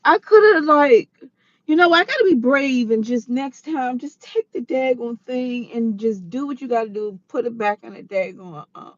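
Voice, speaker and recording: A woman's voice: fairly high pitch, normal speed, no room sound. A tearful woman vlogging to her viewers, rambling and exclamatory, repeating herself as she talks it through. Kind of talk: emotional confessional vlog. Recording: dull lo-fi recording.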